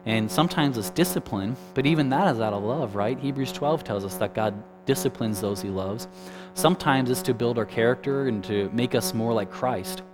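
A man's voice: medium pitch, moderate pace, rough recording. A man giving a conversational sermon. He keeps asking his listeners questions and adds lots of casual asides. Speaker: preacher. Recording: music playing clearly behind.

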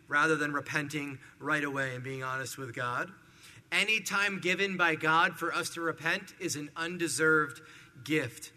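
A man preaching a sermon verse by verse, with animated, acted-out retellings of the story. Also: a little high. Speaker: pastor. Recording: hall reverb.

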